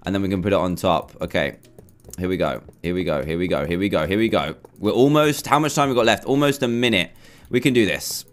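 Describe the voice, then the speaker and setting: A young English gaming YouTuber, chatty and a little flustered, commentates as he works through a build in his own gameplay. He speaks in a deep voice at a slightly fast pace.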